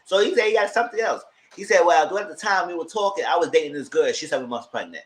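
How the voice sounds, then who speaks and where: A man giving a casual recap, switching to high-pitched exclamations when he acts out reactions. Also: expressive, quick pace, low-quality recording. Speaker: YouTube reviewer.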